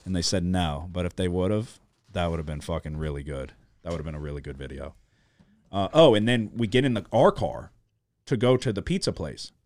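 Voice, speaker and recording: Deep-voiced young man telling a story. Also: normal speed, no echo. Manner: animated, swearing, filler-heavy storytelling. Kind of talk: casual storytelling chat.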